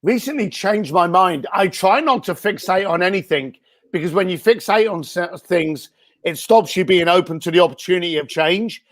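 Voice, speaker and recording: A man answering interview questions over a video call in a blunt, energetic way, with many fillers and restarts, his voice a little hoarse. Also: sits high, moderate pace. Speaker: guest speaker and entrepreneur.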